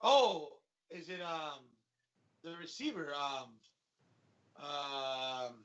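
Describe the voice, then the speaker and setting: A man's voice: a little high, lively intonation, very slow, a bit bright, dull audio. A man co-hosting a sports podcast, guessing hesitantly with many fillers. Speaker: co-host. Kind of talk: casual sports chat.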